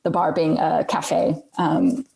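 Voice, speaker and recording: A woman with a low voice and a gravelly fry at the edges of her words. She talks casually as a guest, pausing often with fillers and restarting her phrases. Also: very animated, warm tone. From United States. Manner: hesitant, many fillers and restarts. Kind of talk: casual conversation.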